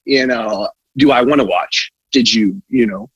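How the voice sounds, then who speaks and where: A man's voice: mid-range voice, unhurried, breathy edge, no echo. A man co-hosting a podcast, chatting casually and throwing in teasing, playful remarks. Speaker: podcast co-host. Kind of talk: casual chat. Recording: dry, dull lo-fi mic.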